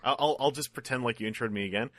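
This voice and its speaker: A man's voice: medium pitch, rapid-fire, a bit bright. A man talking as a guest on a podcast, chatty, jokey and self-deprecating as he rambles. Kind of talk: casual chat.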